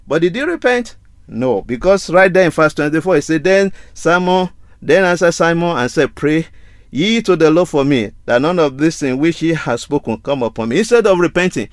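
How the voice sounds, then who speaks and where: A man's voice: fairly high pitch, no room sound. Emphatic male preacher, dry close sound. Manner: emphatic, rhetorical questions and repetition. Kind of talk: sermon.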